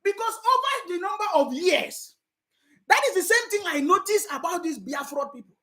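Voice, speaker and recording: A woman's voice: extremely high pitch, very animated, normal speed, sharp tone. A woman with a Nigerian accent giving emphatic political commentary in a vlog, repeating her points and slipping into pidgin. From South South Nigeria. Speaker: political vlogger.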